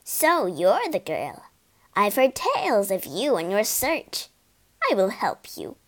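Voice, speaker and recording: A woman putting on a croaking old crone. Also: medium pitch, wildly swooping pitch, takes it slowly, exaggerated voice. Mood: gruff. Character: old female crone, gruff and knowing.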